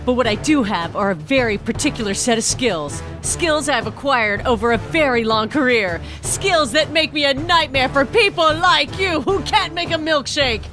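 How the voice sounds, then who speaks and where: A woman doing an impression of a menacing action-film man delivering slow, measured threats. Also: high voice, expressive, music in the background.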